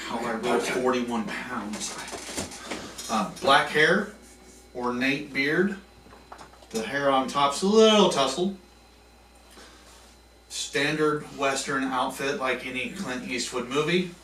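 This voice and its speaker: Slow, bright-voiced man describing his character. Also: medium pitch. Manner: meandering, searching for words. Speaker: player. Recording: roomy, far-off mic with light noise.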